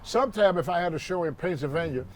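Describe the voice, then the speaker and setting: Older ex-wrestler guest, higher-pitched man, lively storyteller in a studio chat. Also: fast talker. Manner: animated storyteller, voice jumps up at punchlines. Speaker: interview guest, former wrestler. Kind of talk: casual storytelling interview.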